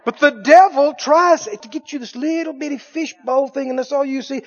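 A preacher with a strikingly high voice delivers a folksy sermon. He swings from quiet, low-key lines to loud, excited exclamations. The recording sounds dull and lo-fi. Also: moderate pace, hardly any pauses.

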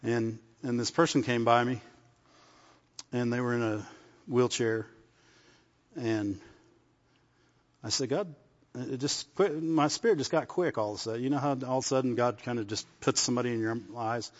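A man's voice: medium pitch, steady tone, moderate pace, long pauses. A man preaching a conversational sermon, often asking the congregation for a response. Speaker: pastor. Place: church service. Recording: muffled sound with long hall reverb.

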